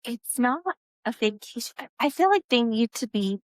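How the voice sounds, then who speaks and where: A woman co-hosting a podcast in casual chat, reflective and quick with short agreeing replies. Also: on the high side, lively intonation, no room sound. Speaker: podcast co-host.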